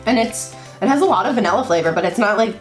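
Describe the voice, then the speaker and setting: A woman with a mid-range, animated voice co-hosts a casual snack tasting, giggly and playful. Her pitch bounces around a lot as she talks. The room is echoey, with faint music behind. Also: quick pace. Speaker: guest co-host. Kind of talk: casual taste-test chat.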